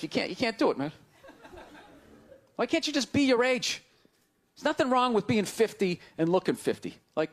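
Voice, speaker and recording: A man with a high voice performs a stand-up comedy set, ranting loudly and taking sarcastic jabs at the crowd.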